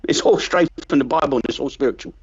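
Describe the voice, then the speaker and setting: A man doing a smug, self-important religious guest with a British accent, sniffing at everyone beneath him. His voice sits a little high. It comes through a muffled, lo-fi call line. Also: fast talker, husky. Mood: dismissive. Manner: haughty, dismissive, self-important. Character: pompous, condescending male religious guest.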